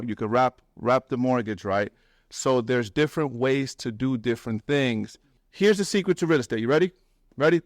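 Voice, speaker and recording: A man's voice: medium pitch, dry recording, studio quality. A man speaking as a real estate investor and mentor to a live meetup audience, blunt and swearing, acting out other people's lines in a raised voice. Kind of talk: animated talk to a live audience. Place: meetup room.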